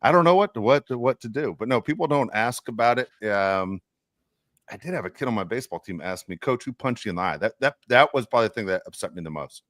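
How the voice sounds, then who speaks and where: A man co-hosting a casual sports podcast, telling rambling, animated stories. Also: mid-range voice, quick pace, no room sound, clean studio sound. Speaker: podcast co-host; youth baseball coach.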